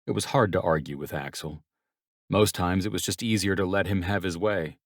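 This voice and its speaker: A man reading a romance audiobook in first person, with measured, even storytelling. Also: sits low, no echo, studio quality. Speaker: audiobook narrator.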